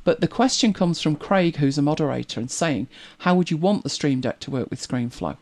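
With a darkish tone and a fairly quick, animated delivery, a British woman chats casually on a live stream. Her pitch rises and falls as she reads comments, and she rambles, hums while scrolling, and laughs easily.

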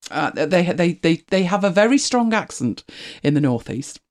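Lively, chatty host. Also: medium pitch, moderate pace. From United Kingdom. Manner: chatty, rambling, self-correcting, laughs often. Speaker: livestream host. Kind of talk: casual chat to viewers.

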